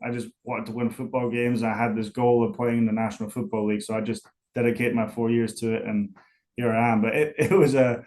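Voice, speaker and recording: A man's voice: mid-range voice, flat delivery, fairly quick, darkish tone. Rambling young Scottish man. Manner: rambling, with many fillers and restarts. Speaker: interview guest, football punter. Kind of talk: casual interview.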